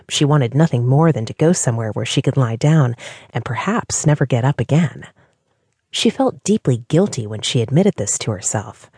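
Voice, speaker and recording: A woman narrates an audiobook in an expressive storytelling manner. Her voice is breathy, with a lively, wide-ranging pitch, and the recording is close and dry. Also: no echo.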